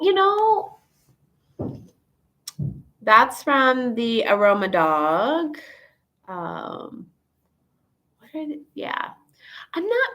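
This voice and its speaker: A woman's voice: fairly low pitch, a bit bright. A woman veterinarian hosting a casual live Q&A, chatty and rambling, with asides and acted-out quotes. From Chicago area, USA.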